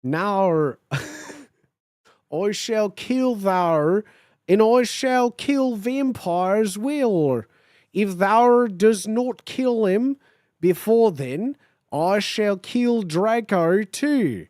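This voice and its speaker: A cruel, raspy dark lord , as a streamer puts him on, with an Australian accent, booming out mock-Shakespearean threats at a slow pace. The voice swings widely in pitch, and the recording is dry and close. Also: expressive, no echo. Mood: menacing. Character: villainous dark lord, old-fashioned and cruel.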